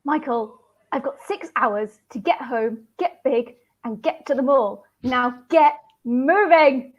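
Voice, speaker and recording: A woman's voice: sits high, takes it slowly, highs cut off. A woman reading a film scene, voicing a bossy young girl who gives orders. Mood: urgent.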